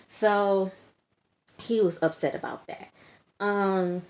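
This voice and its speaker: A woman's voice: medium pitch, steady tone, takes it slowly, a little mellow. A woman reviewing a reality TV show in a casual, emphatic way, often repeating herself and saying "like" and "okay". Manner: emphatic, repetitive, lots of "like" and "okay". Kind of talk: casual recap and commentary. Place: indoors, sirens audible outside.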